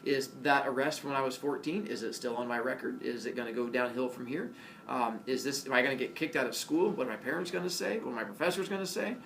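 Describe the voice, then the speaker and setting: A man's voice: quick pace, creaky. A middle-aged man telling a humorous personal story, laughing as he acts out the voices of the people in it. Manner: animated, acts out voices of cops and friends with laughs. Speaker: storyteller speaking to a class. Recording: distant mic with faint rumble.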